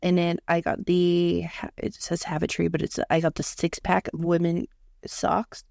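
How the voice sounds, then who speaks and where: A woman's voice: fairly low pitch, completely flat delivery, moderate pace, vocal fry, darkish tone, dry recording, studio quality. A woman in her thirties co-hosting a podcast in casual chat, talkative, swearing freely and filling with "like". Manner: chatty, swears freely, lots of "like". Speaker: podcast co-host. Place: lives in Canada.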